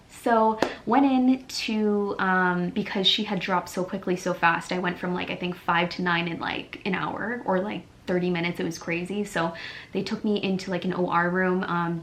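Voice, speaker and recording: Young woman vlogger, lowish voice, chatty storytelling with faint background hiss. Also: normal speed. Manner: chatty, animated, many "like" fillers. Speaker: beauty vlogger. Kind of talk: casual storytelling vlog.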